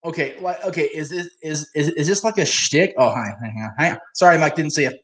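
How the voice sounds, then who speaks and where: A man's voice: on the high side, brisk, fairly bright tone. A man hosting a live wrestling watch-along, ranting bluntly with profanity and laughing often. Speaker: host.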